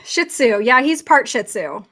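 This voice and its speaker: Chatty woman host with a high voice. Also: big pitch swings, a little slow, fairly bright tone. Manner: chatty, rambling with many fillers. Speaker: livestream host. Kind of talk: casual livestream chat.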